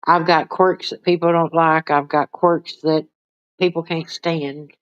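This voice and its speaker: Lady rambling on a phone livestream, slow and smooth, dull lo-fi sound. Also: level tone, dry recording. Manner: rambling, chatty, talks to pets in high baby voice. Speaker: livestream host. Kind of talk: casual livestream chat with viewers.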